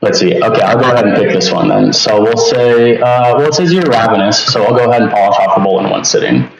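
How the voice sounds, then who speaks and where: A man's voice: on the low side, lively intonation, fast talker, vocal fry, over a noisy crowd. A man leading an online workshop as instructor, talking through a walkthrough with lots of fillers and restarts. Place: home setup on a video call. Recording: distant echoey lo-fi recording with noise.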